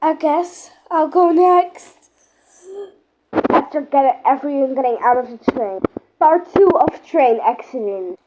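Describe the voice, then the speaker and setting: A woman narrating and voicing a playful game role-play in an excitable, dramatic way, full of exclamations. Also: high voice, slow pace, heavy background noise.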